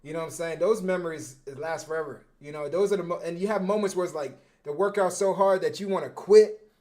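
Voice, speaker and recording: High-voiced young man, slangy coaching talk. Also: quick pace. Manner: animated storytelling, slangy, repeats words. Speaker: football coach and former defensive back. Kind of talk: casual livestream film breakdown.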